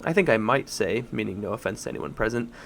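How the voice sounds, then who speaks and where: A dignified, gentle she-elephant from a storybook, mild and reasonable in every word, as a male narrator puts her on. Her voice sits a little raised above plain talk yet keeps a gravelly grain. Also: on the low side, expressive, fast, exaggerated voice. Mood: mild, thoughtful.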